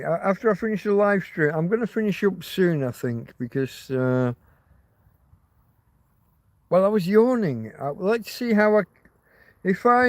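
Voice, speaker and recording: A man's voice: high-pitched, no echo. A man hosting a casual livestream, rambling, swearing freely and reading out viewer comments. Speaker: livestream host.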